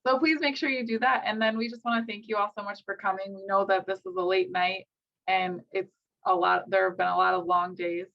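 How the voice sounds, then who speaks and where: A woman moderating a session, wrapping up in a brisk, organized way over a video call. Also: mid-range voice, little pitch movement, creaky, muffled recording. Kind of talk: session wrap-up.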